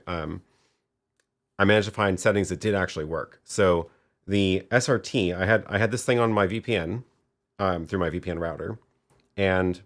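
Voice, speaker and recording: A man with a low, deep voice runs a live gear demo, chatting casually as he works. He thinks aloud and often trails off, then restarts his sentences. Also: fairly bright tone. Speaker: livestream host demoing video gear.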